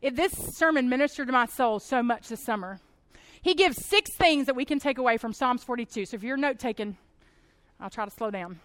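A woman's voice: a little high, fairly quick, fairly bright tone, no room sound. A woman, giving a casual, chatty sermon to a group and laughing often.

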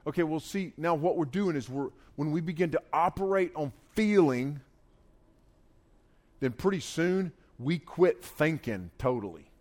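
A man with a Southern US accent preaching a conversational sermon, informal and talky, slowing down and pressing hard on key phrases. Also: fairly high pitch, animated. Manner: informal and talky, full of "like" and restarts; stresses key phrases slowly and loudly.

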